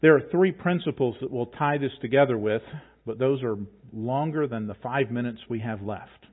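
A man's voice: mid-range voice, moderate pace. Pastor guy giving a sermon, chatty but emphatic, sounds like it's coming thru a phone line. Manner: conversational, emphatic, reads scripture aloud.

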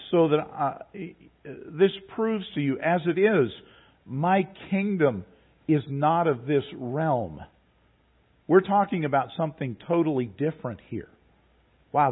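A man preaching a sermon, reading scripture slowly and then retelling it in plain conversational words. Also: a little high, lively intonation, breathy edge. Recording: tinny phone-like recording.

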